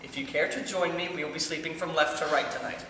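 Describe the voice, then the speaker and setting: A man's voice: fairly high pitch, steady tone, quick pace, heavy background noise, natural voice. A young man playing an exasperated young husband and tired lawyer in a stage comedy, performing theatrically and often laughing. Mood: weary. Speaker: student actor. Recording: echoey hall from far off.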